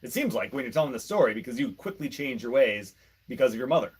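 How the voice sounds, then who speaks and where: A man's voice: medium pitch, expressive, fast talker, slightly rough. A man co-hosting a podcast who asks probing questions and offers careful, hedged guesses. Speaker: podcast co-host. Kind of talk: reflective conversation.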